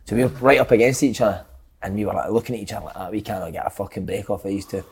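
A man's voice: fairly low pitch, fairly even intonation, very fast, breathy edge. A man, a former footballer, co-hosting a podcast and telling sweary stories in casual banter. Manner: swearing storyteller, acts out quotes.

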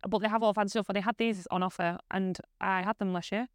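A woman in her thirties with a northern English accent, hosting a casual podcast chat at home, talking quickly and swearing freely. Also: mid-range voice, fairly even intonation, clean tone, no echo, clean studio sound. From northern England. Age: 30s. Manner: fast, chatty, swears freely, laughs often. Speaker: podcast host. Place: living room at home.

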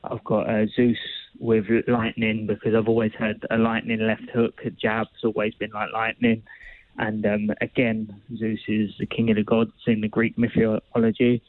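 A man, a boxer, answering interview questions in an earnest, unhurried way with fillers. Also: fairly low pitch, completely flat delivery, dry recording. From England. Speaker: boxer, guest. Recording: dry, tinny phone-like sound.

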